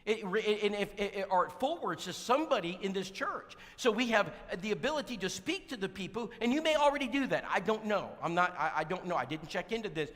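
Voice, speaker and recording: A man giving a storytelling sermon, animated and acting out the dialogue. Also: high-pitched, brisk, few pauses. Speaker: church speaker. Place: church sanctuary. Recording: echoey church hall.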